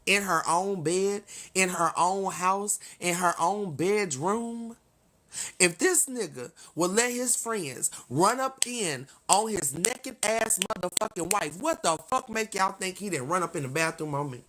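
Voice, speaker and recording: A woman with a bright, sharp voice, talking to her viewers on a livestream. She rants in a heated, profane run straight to the camera and keeps breaking into laughter and sorry-filled asides. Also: medium pitch, expressive, a little slow. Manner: laughs often, apologetic asides. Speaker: livestream host. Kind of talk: casual livestream rant.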